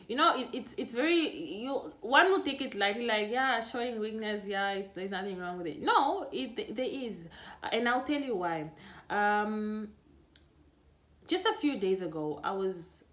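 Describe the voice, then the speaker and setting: Namibian woman vlogging, lively and chatty. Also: mid-range voice. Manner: chatty and animated, laughing, full of restarts. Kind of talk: casual reflective vlog.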